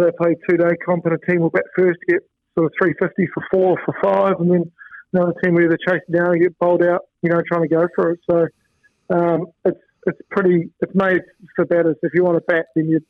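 A man from New Zealand, a former fast bowler and coach, chatting casually with lots of fillers over the phone. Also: a little high, no room sound. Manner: relaxed, rambling with many fillers. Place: home in Queensland, by phone. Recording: tinny phone line.

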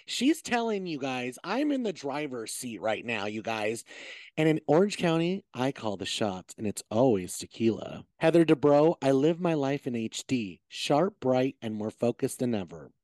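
A man hosting a casual gossip chat about reality TV, animated and profane. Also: medium pitch, moderate pace, no echo, studio quality. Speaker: podcast host.

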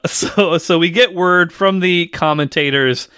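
Male podcast co-host, teasing recap voice, bright tone, very dry close sound. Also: high voice, unhurried, clear, resonant tone, no room sound. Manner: teasing, recaps match play by play. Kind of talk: casual wrestling recap chat.

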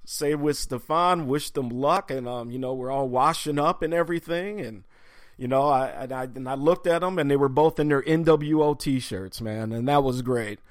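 A man's voice: mid-range voice, normal speed, no echo, studio quality. A man hosting a sports podcast, telling a story in a loose, rambling way with many ums. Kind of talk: casual spoken tribute and storytelling.

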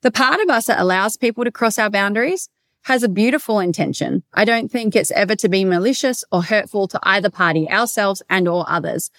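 A woman's voice: medium pitch, animated, fairly quick, fairly bright tone, no room sound. A woman coach talking alone on her podcast in a direct, emphatic way, swearing casually as she reflects. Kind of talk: solo podcast monologue.

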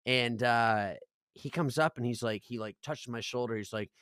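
A young man in a casual podcast chat, telling stories with lots of energy and swearing. He laughs often and acts out the people he quotes. His voice sits at a middle pitch and is recorded dry and close. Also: normal speed, fairly bright tone, smooth, no room sound. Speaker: podcast co-host.

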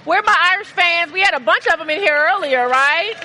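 A woman's voice: very high voice, fairly quick. A woman hosting a live podcast at an event, talking with enthusiasm and energy. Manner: lively, enthusiastic. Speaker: podcast host. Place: live event venue with an audience.

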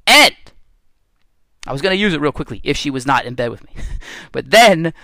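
A man hosting his own fitness podcast, telling stories in a casual, animated way and laughing at himself now and then. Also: a little high, normal speed, no echo. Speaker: podcast host and strength coach. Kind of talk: casual solo podcast monologue.

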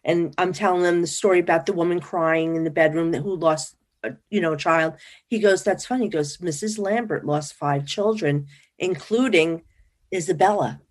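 A woman from New Jersey, a psychic guest in an interview, telling stories in a lively, chatty way and acting out what people said. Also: on the low side, normal speed. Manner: animated, acts out quoted dialogue. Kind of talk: casual interview storytelling.

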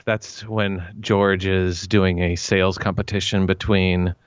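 A man co-hosting a podcast in casual chat, animated and playful. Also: low-pitched, a little slow, clean tone, dry recording, highs cut off. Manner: animated, slips into jokey voices. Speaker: podcast co-host.

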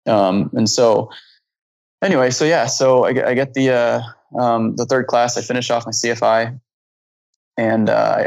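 A man with a gravelly edge to his voice speaks as a flight instructor in an interview. He tells his story in a casual, animated way, acting out what people said and often restarting or repeating words mid-sentence. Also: mid-range voice, normal speed, no echo, poor audio.

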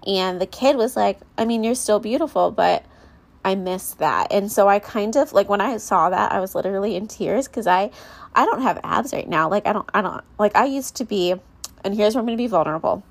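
A woman's voice: mid-range voice, fairly quick. A young woman and mother talking candidly to her viewers in a rambling, confessional way, full of fillers and restarts. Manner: rambling, confessional, lots of likes and ums. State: close to tears. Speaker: mom vlogger. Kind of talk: candid personal vlog chat.

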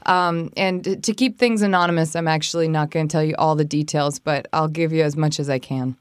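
A woman's voice: brisk, smooth, no room sound, studio quality. A woman co-hosting a podcast, casually telling a personal story and acting out what people said. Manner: animated, acts out quoted speech in a higher voice. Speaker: podcast co-host giving etiquette advice.

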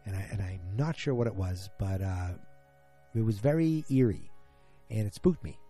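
A man's voice: on the low side, animated, moderate pace, mellow, faint music behind. A man casually recapping a TV episode, musing aloud and trailing off with ums and restarts, speaking straight to his listeners.

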